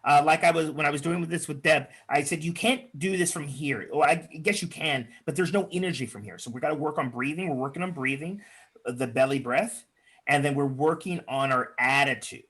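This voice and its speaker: Man, husky voice, chatty workshop coach, video call, encouraging, lots of fillers. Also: fairly high pitch, a little fast, a bit bright. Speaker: speaking coach leading an online workshop. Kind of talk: workshop talk with improv exercises.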